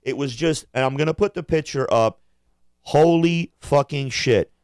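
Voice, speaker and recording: A man's voice: fairly high pitch, moderate pace, a little mellow, smooth, no echo, studio quality. A man co-hosting a podcast, rambling through crude jokes and profane rants in casual chat. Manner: rambling, profane, jokey impressions. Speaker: podcast co-host.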